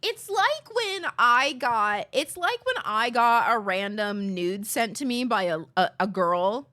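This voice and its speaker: Lively high-voiced woman chatting on stream. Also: takes it slowly. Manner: animated storytelling with playful impressions; swears freely. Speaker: livestreamer. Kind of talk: casual chat to a live stream chat.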